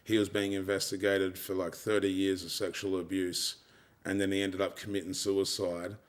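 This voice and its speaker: A man's voice: low-pitched, level tone, normal speed. A man with an Australian accent, talking as an interview guest in a frank, casual way, swearing freely and leaning on "you know". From Tasmania, Australia.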